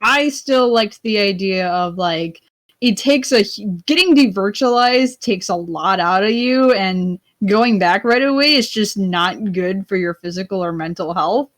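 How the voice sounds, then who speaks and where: A woman's voice: medium pitch, a little slow. A woman co-hosting a livestream, chatting casually and often filling her sentences with "like". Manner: chatty, fills her speech with "like". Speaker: livestream co-host.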